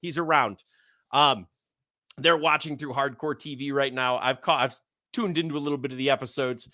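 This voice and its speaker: A man with a bright, forceful voice chatting on a wrestling livestream. He rambles through plugs in an upbeat way, laughing between lines. The sound is dry and close. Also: mid-range voice, steady tone, moderate pace, dry recording. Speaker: podcast co-host and wrestler. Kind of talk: casual livestream chat.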